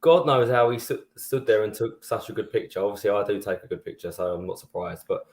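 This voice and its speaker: A man's voice: fairly low pitch, fast talker, darkish tone. A male guest on a fan podcast, wry and self-mocking. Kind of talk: casual fan chat. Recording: echoey room.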